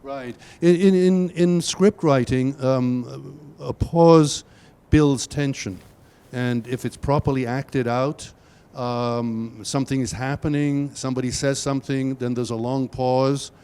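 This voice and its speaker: Older guy running a workshop, mellow low-ish voice, keeps restarting words, emphatic. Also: fairly even intonation, slow pace, clean tone. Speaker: workshop presenter. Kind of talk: workshop teaching. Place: university workshop room.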